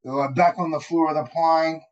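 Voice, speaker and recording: A man with an Australian accent spins loose, animated stories, swearing freely and calling the listener "mate". His voice sits a touch high for a man. The audio is muffled and lo-fi. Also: moderate pace. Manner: rambling, profane, animated anecdotes, frequent "mate" and "dude". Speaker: guest, skydiver. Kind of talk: casual storytelling.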